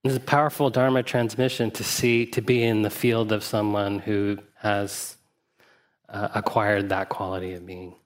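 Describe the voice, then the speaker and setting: Male meditation teacher, lowish voice, dharma talk: reflective, anecdotal, gently humorous. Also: little pitch movement. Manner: reflective, unhurried asides with 'uh' and 'you know'.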